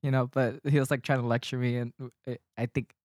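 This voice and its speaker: Man, casual podcast chat, animated, profane, laughs a lot, dry room. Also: mid-range voice, fast talker, no echo. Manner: animated, swearing, laughs often, gets loud when worked up. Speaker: podcast co-host telling a story.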